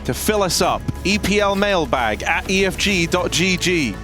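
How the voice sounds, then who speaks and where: A man's voice: sits high, expressive, moderate pace, over music. A man casting live esports matches, playful and joking with his co-casters.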